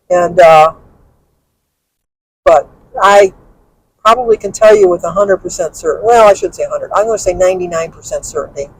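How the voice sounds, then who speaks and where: A woman's voice: medium pitch, darkish tone, poor audio. An older woman vlogging from her car as she drives, venting bluntly and angrily and swearing freely. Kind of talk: venting personal story to camera. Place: in a car while driving.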